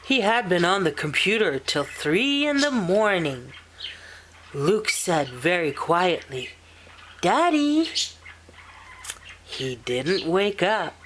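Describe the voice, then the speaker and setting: A woman reading a children's picture book aloud in a slow, expressive storytelling manner. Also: fairly low pitch, a little hiss or hum. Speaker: storybook reader.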